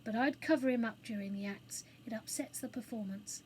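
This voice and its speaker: A woman's voice: a little high, brisk, a little hiss or hum, close to an everyday voice. A woman voicing a grumbling male theatre attendant in a storybook reading.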